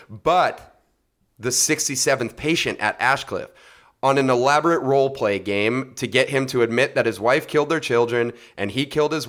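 A man's voice: mid-range voice, a bit bright. Male podcast host, mid-range voice, casual, recaps movies with jokes. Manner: summarizes plots with jokey asides and laughs.

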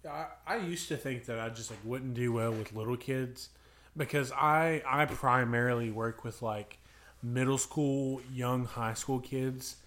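A man's voice: mid-range voice, fairly even intonation, measured pace, a bit bright. A young man co-hosting a podcast, chatting casually and telling funny stories with voices for the kids. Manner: storytelling, acting out kids' voices, laughing. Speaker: podcast co-host. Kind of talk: casual chat.

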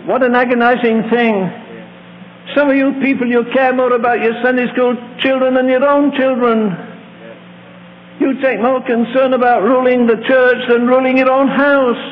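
A man's voice: extremely high pitch, flat delivery, normal speed. An older man preaching a fervent sermon, pleading with the congregation and telling stories. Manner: fervent, pleading, tells anecdotes with put-on voices. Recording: tinny old tape in a large hall with hum.

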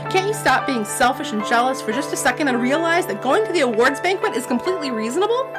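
A woman's voice: mid-range voice, expressive, quick pace, loud music behind the voice, lightly acted. A woman reading aloud as an upset teenage girl who pleads and snaps angrily. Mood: angry. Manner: pleading, then snapping heatedly. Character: tearful, angry teenage girl. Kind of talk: reading a novel passage aloud.

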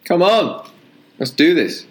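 A young British man co-hosting a podcast, running a slang quiz in loose, sweary banter with lively jumps in pitch. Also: takes it slowly. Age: young adult. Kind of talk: casual banter.

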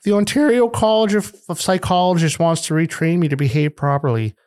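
A man's voice: on the high side, a little fast, darkish tone, clean tone. A man hosting a casual podcast, profane and jokey with his co-hosts. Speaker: podcast host.

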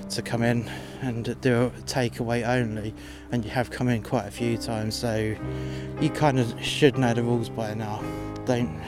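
A man telling a story about his job in a blunt, sweary and exasperated way. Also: medium pitch. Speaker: podcast host telling work stories. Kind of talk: casual storytelling monologue.

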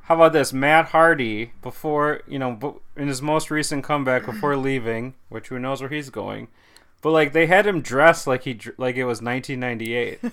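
A man's voice: medium pitch, normal speed, fairly bright tone, clear, resonant tone. A man co-hosting a podcast, telling rambling, jokey stories in casual chat. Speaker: podcast co-host.

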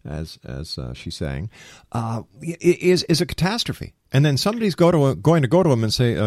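A man hosting a radio talk show from Canada, interviewing a guest in a lively, conversational way. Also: medium pitch, brisk, no room sound, clean studio sound. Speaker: radio host.

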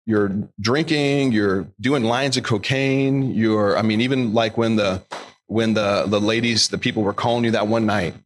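A man's voice: lowish voice, moderate pace, slight background noise. A man hosting an interview, encouraging his guest with brief affirmations and questions. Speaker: host. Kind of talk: interview chat.

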